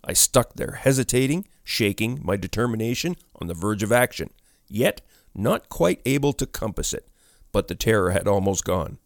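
Low-voiced male ghost-story narrator. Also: dry recording, clean studio sound. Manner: measured, expressive storytelling.

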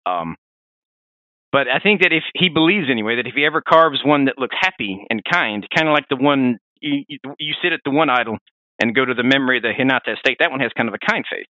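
A man hosting a podcast, telling game lore in a rambling, animated way with frequent restarts. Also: medium pitch, fast talker, no echo. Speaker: podcast host. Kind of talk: casual lore discussion. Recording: dry, phone-like narrow sound.

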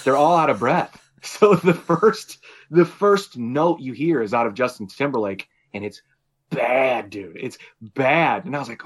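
A male podcast host in loose, casual conversation, telling a story with lots of energy. He curses freely and breaks into laughter often, at an ordinary middle pitch. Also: expressive, measured pace.

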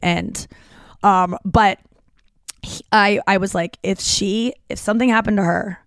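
A woman's voice: unhurried, no echo. Chatty woman comedian telling a story. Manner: rambling, animated, swears freely, acts out quotes in a high voice. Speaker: comedian and podcast host. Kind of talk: casual podcast storytelling.

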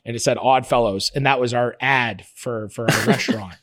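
A cooking show creator, appearing as a guest in a casual interview, talks in a mid-range voice at normal speed. He's animated and profane, rambling with frequent restarts and laughing through his stories. There's no room sound.

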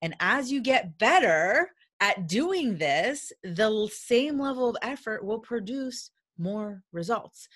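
Woman, business coach, casual motivational talk, animated, acts out dialogue, blunt, laughs often. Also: fairly high pitch, takes it slowly, few pauses, slightly rough. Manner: candid and blunt, with mild swearing.

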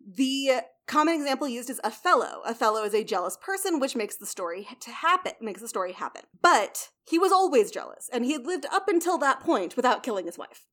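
A woman's voice: high-pitched, brisk, hardly any pauses. A young adult woman hosting a casual explanatory talk, chatty, blunt and swearing now and then. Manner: chatty, swears, lively emphasis.

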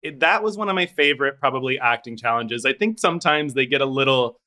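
A man hosting a casual chat over a video call, animated and teasing. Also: medium pitch, fast talker. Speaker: podcast host.

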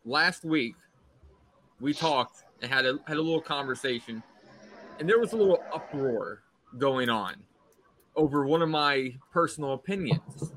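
A man with a bright, sharp voice argues his opinion on a podcast. His pitch moves a lot, and he holds his ground stubbornly. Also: lively intonation, a little slow. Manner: stubborn, argumentative. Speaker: podcast co-host. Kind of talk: casual debate.

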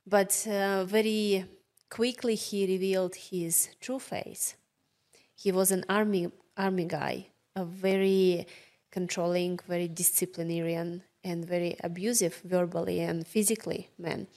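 A woman from Russia with a Russian accent, a guest earnestly recounting her childhood in measured English. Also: on the low side, steady tone, darkish tone. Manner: earnest, measured, slight non-native grammar. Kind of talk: personal storytelling.

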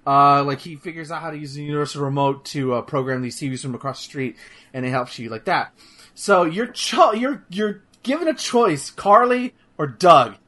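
A man streaming games, chatting casually in an animated, profane, rambling way with many restarts. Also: on the high side, normal speed. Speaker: streamer discussing a game. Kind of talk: casual chat.

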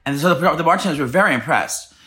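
A man in his thirties rattles off a gossipy story at a quick clip. He co-hosts a casual podcast and keeps slipping into other people's voices as he tells it. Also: a little high, expressive, sharp tone. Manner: rapid gossipy storytelling, acts out quotes. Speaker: podcast co-host.

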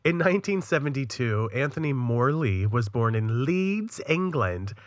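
A man's voice: medium pitch, expressive, measured pace, no echo. A man co-hosting a true-crime podcast, chatting and joking casually before telling the case. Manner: chatty, jokey, reads ad copy. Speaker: podcast co-host.

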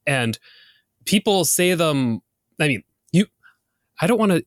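A man's voice: fairly high pitch, very animated, a little slow, no echo, clean studio sound. A man co-hosting a podcast, chatting in a playful, nerdy, rambling way. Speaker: podcast co-host. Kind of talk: casual educational chat.

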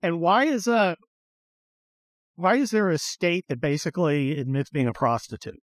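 A man's voice: fairly high pitch, normal speed, dry recording. A man hosting a podcast from inside a car, giving blunt, profane opinions in a rambling, casual way with lots of fillers. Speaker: podcast host.

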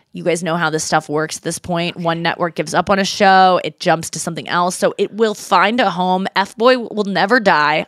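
Thirties woman host, casual and animated, mid-pitched, dry studio sound. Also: no echo. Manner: animated storytelling, quotes people in voices. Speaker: podcast host. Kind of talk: casual chat.

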